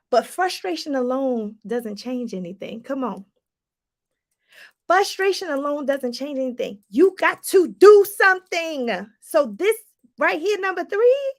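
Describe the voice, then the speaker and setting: A woman with a high, bright voice coaches her viewers in an animated, preachy way. She keeps addressing them as y'all. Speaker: life coach. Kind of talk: motivational livestream talk.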